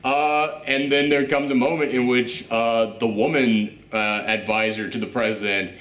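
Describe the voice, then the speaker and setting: Animated, profane male movie reactor. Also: mid-range voice, normal speed. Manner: animated, profane, laughing often. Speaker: host of a movie reaction show. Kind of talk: casual movie reaction chat. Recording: roomy echo.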